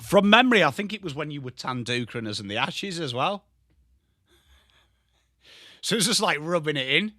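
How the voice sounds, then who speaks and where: A young Englishman with an English accent hosting a live football watchalong stream, excitable and sweary, rattling off player names, tired from little sleep. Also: fairly high pitch, moderate pace, pauses often, no room sound, studio quality. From England. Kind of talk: live commentary and chat stream.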